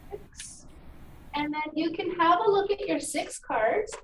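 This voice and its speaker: A woman teacher giving a phonics lesson to children, encouraging and enunciating each sound clearly. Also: very high-pitched, takes it slowly, fairly bright tone. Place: meeting room. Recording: echoey room, distant mic, faint noise.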